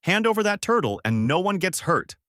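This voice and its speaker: A man voicing a gruff, threatening armored bear bandit in a fan-made story reading. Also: high-pitched, very animated, brisk, fairly bright tone, no room sound, clean studio sound, pitched above the performer's own voice.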